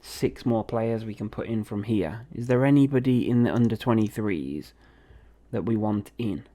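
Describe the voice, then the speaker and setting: A man's voice: fairly low pitch, moderate pace, dark tone. A young man, chatting casually and reacting aloud as he plays a football management game. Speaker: gaming video host.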